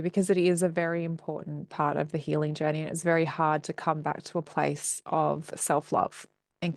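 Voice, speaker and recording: A woman's voice: deep voice, gravelly. A woman hosting a podcast interview, affirming and reflective, echoing her guest's points back. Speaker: podcast host.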